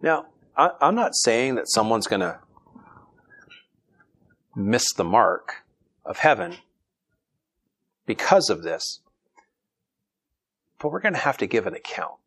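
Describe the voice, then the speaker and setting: A man's voice: lowish voice, sing-song, slow, long pauses, fairly bright tone, breathy edge. Conversational man preaching a sermon. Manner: conversational and humorous, reads scripture then explains it.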